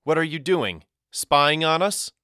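A man voicing a gruff, dismissive boy in an audiobook. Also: mid-range voice, lively intonation, normal speed, pushed and bright, no room sound, studio quality. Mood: suspicious.

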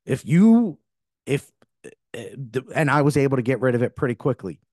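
Very animated and a little mellow, this middle-aged spiritual podcast host speaks at normal speed in a mid-range voice. His earnest talk wanders, full of self-corrections and fresh starts, recorded in clean studio sound without any room sound.

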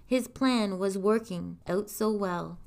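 A woman reading a fairy tale aloud in a calm, even storytelling manner. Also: medium pitch, takes it slowly, creaky, faint music behind.

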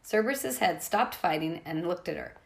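A woman's voice: on the low side, expressive, normal speed, gravelly. A woman reading a novel aloud in a plain way, with small slips and restarts. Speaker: reader.

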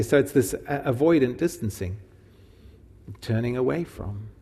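A man's voice: medium pitch, moderate pace, mellow, slight background noise. A man preaching a sermon in a casual, conversational way. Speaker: pastor. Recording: long hall reverb.

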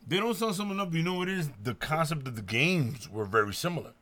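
Man, fairly high voice, podcast co-host, teasing, brash, slangy. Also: animated, fast talker, a bit bright. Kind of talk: casual chat.

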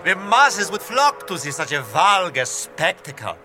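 An actor playing a fussy, outraged male court advisor in an animated film, speaking in indignant, prissy exclamations. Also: high voice, unhurried, soft background music, exaggerated voice.

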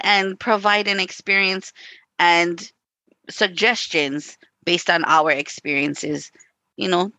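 A woman of medium pitch, sounding pushed and bright with no echo, co-hosts a laid-back podcast talk. She shares anecdotes, dramatizes quotes, and peppers her speech with "you know" and "like."

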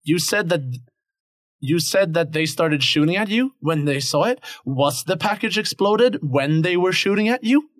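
A man voicing an impatient male crime boss who demands his missing package, gruff and swearing. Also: high voice, expressive, moderate pace, dry recording, studio quality. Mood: angry.

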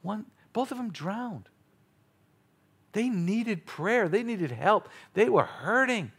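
Animated, high-voiced preaching pastor man. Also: slow, husky. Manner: animated, playful preaching with sudden loud exclamations. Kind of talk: sermon.

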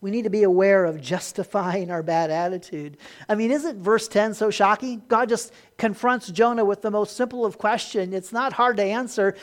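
A pastor preaching a Sunday sermon, rising to emphatic points and dropping quiet, often repeating words as he restarts. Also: high-pitched, steady tone, normal speed, hardly any pauses.

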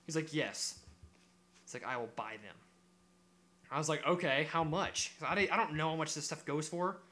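A young man co-hosting a podcast tells a story in casual chat, speaking at a moderate pace in a fairly high voice. He's animated and swears often as he acts out what other people said.

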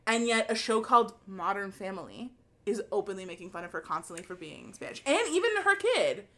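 A young woman co-hosts a podcast, offering blunt, opinionated takes in casual chat and swearing freely. Her medium-pitched voice is sing-song, a bit bright and a little fast.

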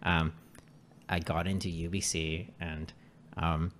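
A man with a somewhat low voice talks in a loose, casual chat. He restarts his sentences often, circles around his point and swears freely as he shares his own stories. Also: level tone, takes it slowly, fairly bright tone. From Canada. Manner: rambling, lots of restarts and swearing.

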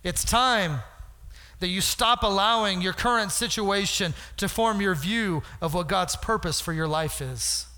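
A man preaching a lively sermon to a congregation, acting out voices from Bible stories and asking for responses. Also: high-pitched, measured pace, smooth. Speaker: pastor. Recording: hall reverb.

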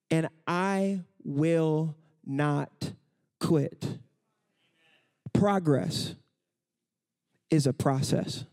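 Male preacher, thirties, sermon, storytelling, rises to shouting, high voice. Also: very slow, pauses often. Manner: storytelling, building to impassioned shouting.

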